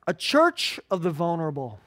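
A pastor preaching a loose, conversational sermon to a church congregation, circling back to repeat key phrases and breaking into chuckles. The voice sits at a middle pitch. The sound is close and dry, with no room echo. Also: sing-song, normal speed, a bit bright. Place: church service.

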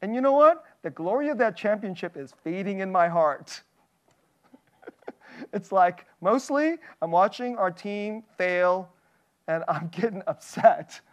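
Animated pastor, quick to laugh. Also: mid-range voice, highs cut off. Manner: animated, laughs often between phrases; asks the audience many questions. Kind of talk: sermon.

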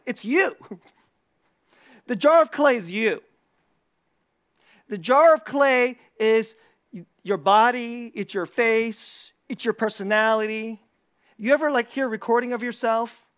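A preacher with a weekly video channel gives a casual, animated sermon, repeating key phrases and laughing often. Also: mid-range voice.

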